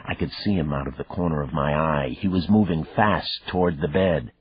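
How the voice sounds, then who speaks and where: A man narrating a thriller audiobook in the first person, measured and even, in a dull, dry recording. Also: a bass voice, slight background noise.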